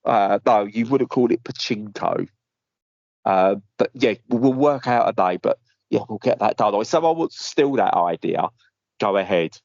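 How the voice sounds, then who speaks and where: Low-voiced man rambling through a story. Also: lively intonation, moderate pace, creaky, a little mellow, dry recording, dull audio. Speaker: podcast co-host. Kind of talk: casual chat. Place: hospital room.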